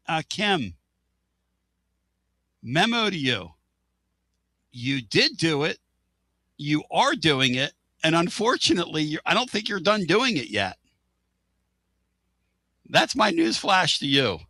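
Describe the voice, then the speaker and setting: An exasperated sports talk host rants in a high, bright, sharp voice that leaps up and down. He fires sarcastic asides at his listeners. The sound is close and dry, with no room around him. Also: big pitch swings, takes it slowly, pauses often, no echo.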